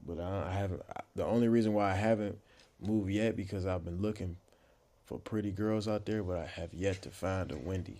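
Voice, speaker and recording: A man's voice: sits low, fairly even intonation, fairly quick, dark tone. A man in his twenties, a podcast guest, chatting casually in a laid-back, slangy, playfully boastful way. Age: 20s. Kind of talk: casual chat.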